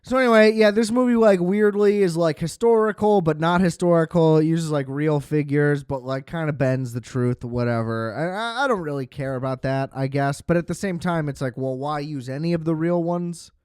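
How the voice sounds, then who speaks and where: A young man talks through a film review on his podcast, looping back on himself, swearing freely and sounding sarcastic. His voice is smooth and clear and sits a little high for a man. It is recorded close and dry, with no room sound. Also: normal speed, few pauses, darkish tone, no room sound. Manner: rambling, sarcastic, swears freely, many fillers. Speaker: podcast host. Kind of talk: casual film review monologue.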